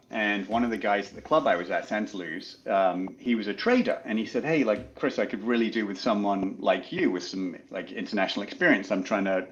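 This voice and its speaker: Chatty English-raised golf coach in his thirties, low voice, dull lo-fi sound. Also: slight background noise. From England. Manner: chatty, laughs while telling stories. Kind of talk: casual interview storytelling.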